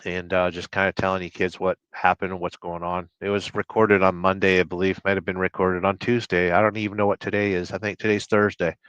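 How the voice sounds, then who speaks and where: A man's voice: sits low, little pitch movement, brisk, few pauses, a bit bright, clear, resonant tone, no room sound. A man hosting a casual livestream, rambling and joking while he reads out viewer comments. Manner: rambling, joking, reads chat names aloud. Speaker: livestream host. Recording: dull, dry sound.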